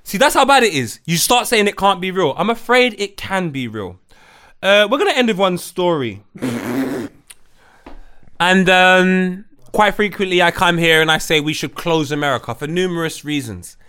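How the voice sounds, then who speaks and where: A man talks through online clips in a podcast, blunt and mocking. His voice sits high and swings widely in pitch. The tone is bright and crisp. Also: sing-song, normal speed. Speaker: podcast host. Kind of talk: casual commentary on clips.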